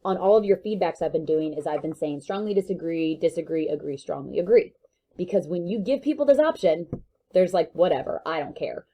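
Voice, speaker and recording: A woman's voice: lowish voice, animated, fairly quick, mellow. A woman teacher giving a recorded online lesson, talking in a casual, joking way with many fillers.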